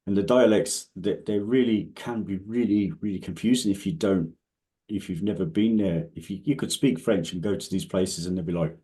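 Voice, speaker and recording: A British man from the UK, an interview guest, chatting casually and telling animated anecdotes with frequent restarts. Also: deep voice, normal speed. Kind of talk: casual chat.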